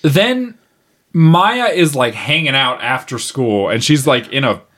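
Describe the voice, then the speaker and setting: A man's voice: medium pitch, takes it slowly. A man co-hosting a film podcast, chatting casually and mockingly about a movie, sometimes mimicking its lines. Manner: animated, mocking movie lines in put-on voices. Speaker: podcast co-host. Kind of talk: casual film review chat.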